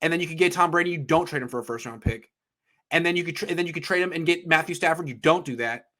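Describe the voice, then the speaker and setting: A man in his thirties hosting a sports talk show, a bit higher-pitched than most men. He rants with profane, emphatic bursts and pushes every point hard in heated sports debate. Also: fast talker, sharp tone. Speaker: sports podcast host.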